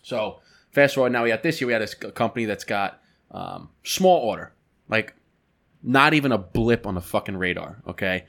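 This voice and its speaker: A man's voice: on the low side, expressive, moderate pace, gravelly, a bit bright. Casual man swearing on a podcast. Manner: casual and profane, with lots of fillers. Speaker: podcast co-host. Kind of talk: casual storytelling chat.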